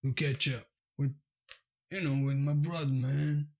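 A man's voice: mid-range voice, steady tone, measured pace, a little mellow, close to an everyday voice. A man voicing a laid-back robed brother who tacks "man" onto every phrase, in a tabletop game. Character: Cal, Sasha's laid-back dude brother in a robe.

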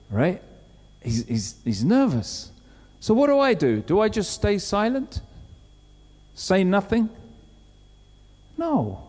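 A man preaching a sermon, telling a story with lively acted-out quotes. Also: high voice, slow, pauses often. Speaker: pastor. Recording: long hall reverb.

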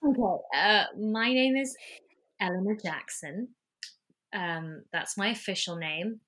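A woman's voice: mid-range voice, slow. A woman with an English accent, an actor chatting as a podcast guest, telling stories with lots of fillers over a remote call. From England. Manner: chatty, animated storytelling with many fillers. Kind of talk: casual chat. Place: home in London.

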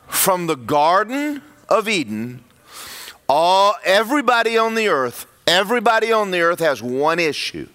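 A man preaching a sermon in a church, animated and acting out voices of churchgoers. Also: a little high. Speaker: pastor.

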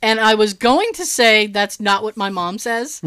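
A woman animatedly shares a story in casual chat, acting out what others said and laughing frequently. She speaks a little slowly in a clean, mid-range voice and has hearing loss in her right ear.

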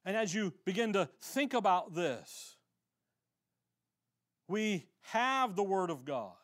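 High-voiced man preaching conversationally. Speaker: pastor. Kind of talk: sermon.

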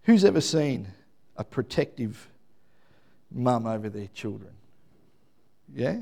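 A middle-aged man preaching a Mother's Day sermon, dropping to quiet asides and then building to loud emphatic shouts. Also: mid-range voice, big pitch swings, slow pace, vocal fry. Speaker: pastor.

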